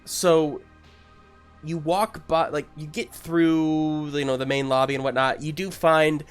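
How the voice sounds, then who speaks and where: A man's voice: a little high, little pitch movement, a little slow, clean tone, faint music behind. A man narrating as game master in a tabletop game, in a loose, filler-heavy way.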